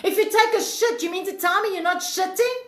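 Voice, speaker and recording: Woman, high voice, blunt and preachy self-help livestream talk, swears freely, echoey room. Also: fairly quick. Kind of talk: livestream talk reading comments.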